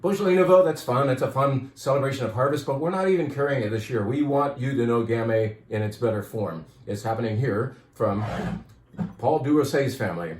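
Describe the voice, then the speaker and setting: A man's voice: mid-range voice, fairly quick, a little mellow, slight background noise. Wine shop guy rambling about his events, a bit out of breath, echoey room. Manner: chatty, enthusiastic, rambling with restarts. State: out of breath, dry throat. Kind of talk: casual promotional talk.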